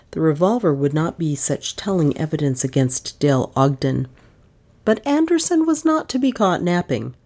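A woman reading a mystery novel aloud in measured, even narration. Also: low-pitched. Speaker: audiobook narrator. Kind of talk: scripted narration.

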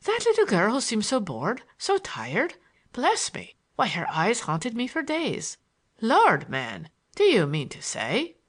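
A woman's voice: on the high side, wildly swooping pitch, slow, slightly rough, pitched above the performer's own voice, exaggerated voice. A woman voicing a bantering Irish man with rolling, trilled R's, teasing and mock-scolding in an audiobook.

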